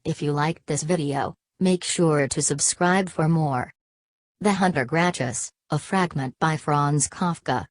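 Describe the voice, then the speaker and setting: Female audiobook narrator, low and calm, dry close mic. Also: measured pace, no echo. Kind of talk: audiobook reading for English learners.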